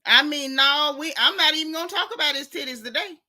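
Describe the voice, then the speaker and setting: A woman's voice: high-pitched, quick pace, sharp tone. A woman hosting a gossip show as a casual livestream, dramatic and theatrical, talking straight to her chat viewers. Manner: talks directly to chat viewers.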